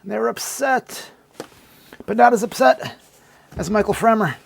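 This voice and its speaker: High, gravelly man telling a mock-dramatic tale. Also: normal speed. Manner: mock-dramatic, sarcastic storytelling. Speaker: comedic narrator. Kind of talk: comedic dramatic retelling.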